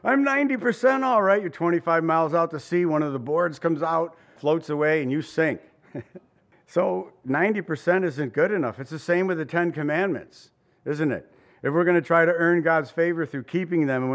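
A man's voice: fairly high pitch, normal speed. A man preaching a sermon in a conversational way, asking rhetorical questions and chuckling now and then. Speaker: pastor.

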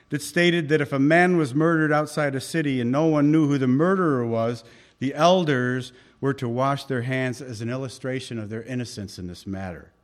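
A man preaching a sermon. He fires off rhetorical questions, then drops suddenly to a hush. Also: fairly high pitch. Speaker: pastor.

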